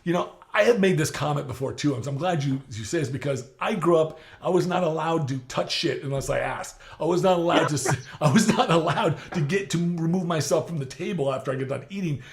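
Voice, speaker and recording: A man's voice: fairly high pitch, brisk, vocal fry, few pauses, slight background noise. A middle-aged man hosting an interview in casual chat, rambling with many restarts and laughing often. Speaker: podcast host.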